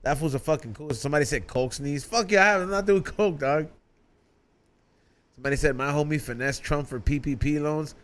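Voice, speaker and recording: Man, casual podcast chat, profane, excitable, laughs a lot, slightly high pitch. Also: fairly quick. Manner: profane, excitable, laughs often, acts out quoted voices. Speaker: podcast co-host.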